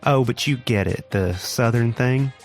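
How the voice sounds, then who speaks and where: A man's voice: mid-range voice, measured pace, soft background music, voice pushed up, natural voice. A man voicing a bubbly southern woman in her forties at a party. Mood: chirpy.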